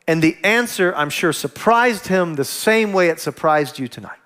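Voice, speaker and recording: A man preaching a sermon as pastor, acting out quoted dialogue with lively delivery. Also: high voice, normal speed, clear, resonant tone.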